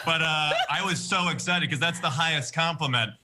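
A man's voice: a little high, normal speed, heavy background noise. A man in his twenties, a comedian guest on a TV interview, talking eagerly. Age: 20s. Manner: energetic, eager.

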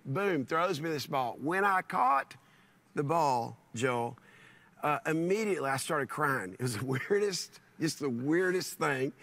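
A middle-aged male pastor telling a story in conversation, animated and given to repeating himself and restarting sentences. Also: fairly high pitch, no room sound.

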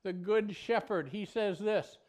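A man preaching a sermon as a pastor. He swings between loud exclamations and a hushed, low voice. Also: unhurried.

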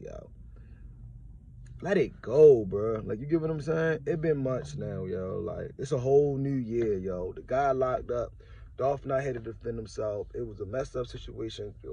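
Man, casual vlog commentary, slangy, fed-up tone, mellow husky voice, dull lo-fi sound. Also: medium pitch. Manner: laid-back slangy talk with "bruh" and "like" fillers; frustrated, exasperated. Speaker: vlogger.

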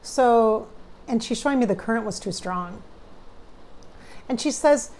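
A woman's voice: on the high side, animated, measured pace, pauses often, darkish tone. A middle-aged woman psychic talking casually and emotionally to viewers during a channeling session. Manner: chatty, emotional, talks directly to viewers. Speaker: psychic medium.

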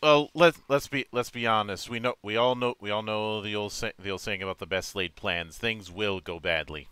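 Male host, low and bright, crisp and dry, jovial showman. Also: fairly even intonation, brisk, no echo. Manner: jovial, theatrical sign-off, laughs often. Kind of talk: casual interview chat.

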